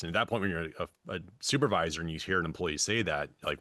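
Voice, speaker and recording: A man who was a fire chief, hosting a webinar and asking questions in a measured, friendly way, thinking aloud with fillers. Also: low-pitched, pushed and bright, no echo. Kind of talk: webinar moderating.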